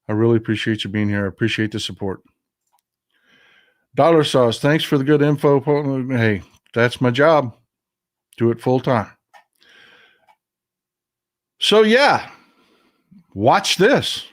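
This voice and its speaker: Casting note: male live-stream news host, blunt and emotional, mid-pitched, casual commentary. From Texas. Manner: blunt, emotional, swears, reads viewer comments aloud.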